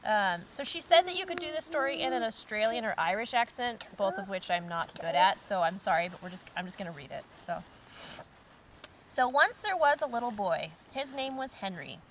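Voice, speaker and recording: A woman's voice: medium pitch, normal speed, a little hiss or hum, poor audio. Giggly woman reading stories aloud. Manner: giggly, animated storytelling. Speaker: co-host reading listener stories. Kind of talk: casual chat, reading aloud. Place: outdoors by a campfire.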